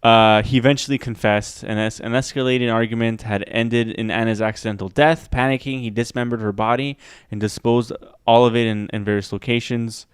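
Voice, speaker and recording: A man's voice: medium pitch, steady tone, brisk, few pauses, clear, resonant tone, dry recording, clean studio sound. A man co-hosting a podcast, reading a true-crime story with mock suspense and now and then laughing at it. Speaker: podcast co-host.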